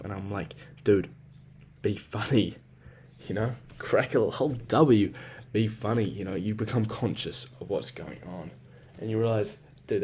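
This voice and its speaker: A young man talks through his own thoughts in a loose spoken journal, circling back on himself as he goes. His voice sits a little low. His speech is packed with slang and casual swearing, and it sounds unscripted and self-searching. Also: darkish tone, a little hiss or hum. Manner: rambling and self-reflective, with heavy swearing and slang. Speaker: vlogger.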